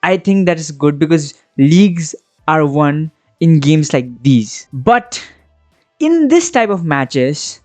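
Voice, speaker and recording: A man's voice: a little high, animated, slow, a little mellow, no room sound, faint music behind. A man hosting a football reaction vlog, ranting with passion and exasperation, and often checking in with the listener. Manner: passionate, exasperated ranting with frequent tag questions. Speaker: football fan channel host.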